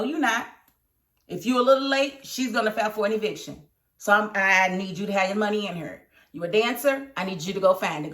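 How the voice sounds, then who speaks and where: A woman reviewing a TV episode in casual commentary, animated and emphatic, scolding the characters. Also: mid-range voice, echoey room. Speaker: TV show reviewer.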